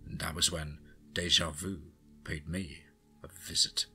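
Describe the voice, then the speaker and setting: A man narrating a scripted story, reading every character's lines in nearly his own voice, with a husky tone. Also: a bass voice, little pitch movement, measured pace, sharp tone. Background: music.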